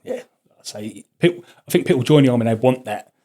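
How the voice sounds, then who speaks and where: A man, a podcast co-host and army veteran swapping relaxed anecdotes. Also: medium pitch, fast. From United Kingdom. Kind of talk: casual chat.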